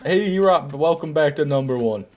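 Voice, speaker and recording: A man's voice: fairly high pitch, animated, moderate pace. A man streaming a game, chatting casually and joking while he answers viewers' chat. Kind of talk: casual gameplay commentary, reading chat.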